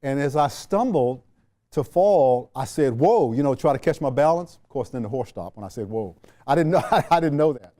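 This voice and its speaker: Mellow-voiced man telling a story. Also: mid-range voice, lively intonation. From Washington, D.C. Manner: unhurried, frequent fillers and restarts. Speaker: interview guest, retired general. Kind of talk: reflective storytelling.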